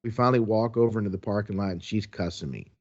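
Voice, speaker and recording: A man casually telling a story as a podcast co-host, animated, acting out the quotes. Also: fairly low pitch, quick pace, muffled recording.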